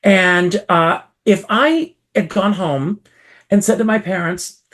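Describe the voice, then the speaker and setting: This South Carolina performer, his voice sitting high and his pace slow, recounts his story as a guest in an interview, punctuating it with lively theatrical emphasis.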